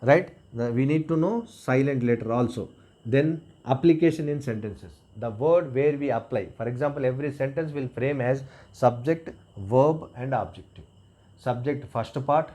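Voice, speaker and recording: A middle-aged male teacher, explaining grammar step by step to his class. He keeps pausing to check in with a quick "right?". His voice sits at an ordinary middle pitch. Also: a little mellow. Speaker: English teacher.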